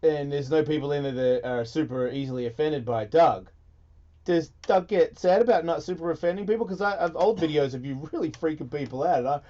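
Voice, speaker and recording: A man hosting a radio talk show in casual chat, animated and excitable, swearing freely. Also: fairly high pitch, a little fast. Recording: dull lo-fi broadcast audio.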